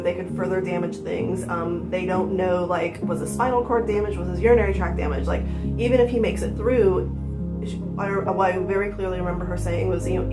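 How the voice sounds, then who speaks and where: A young woman vlogger telling an emotional personal story from home, using "like" a lot and laughing through the hard parts. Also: fairly low pitch. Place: at home with her dog in her lap. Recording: roomy echo with music behind. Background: music.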